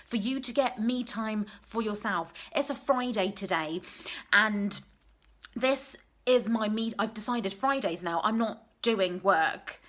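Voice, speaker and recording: A woman's voice: mid-range voice, takes it slowly, a bit bright. A woman talking straight to camera at home in an unscripted, heartfelt vlog, earnest and encouraging. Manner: emotional, tearful at times, earnest and encouraging. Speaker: vlogger, single mum business coach. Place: at home, messy room.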